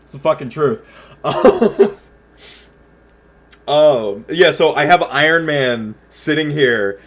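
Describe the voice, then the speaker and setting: A man's voice: fairly high pitch, expressive, slow pace. A young man livestreaming from home, telling a rambling story to his chat with stuttered restarts and lots of swearing. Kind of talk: casual storytelling while chatting with viewers.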